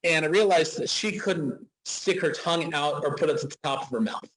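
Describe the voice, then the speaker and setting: A man's voice: on the high side, a little fast, a bit bright, rough recording. A man in his forties from Utah, a dentist guest telling a chatty, anecdotal story in a casual interview, with frequent restarts. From Utah, USA.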